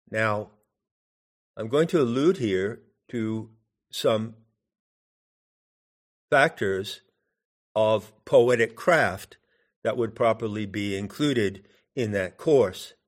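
An older man lectures on poetic craft in a slow, deliberate way and holds on key words as he explains them. His voice sits fairly low. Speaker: teacher. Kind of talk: lecture on poetry.

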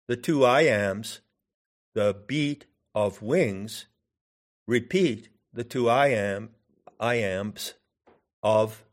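An older man lectures on poetic craft in a slow, deliberate way and holds on key words as he explains them. His voice sits fairly low. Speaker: teacher. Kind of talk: lecture on poetry.

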